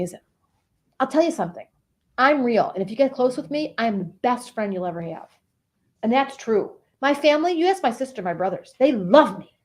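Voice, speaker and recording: Woman doing a high-voiced, whiny, oversensitive Cancer personified, melodramatic and self-pitying. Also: a little mellow, low-quality recording. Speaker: comedic character performer. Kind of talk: improv comedy character.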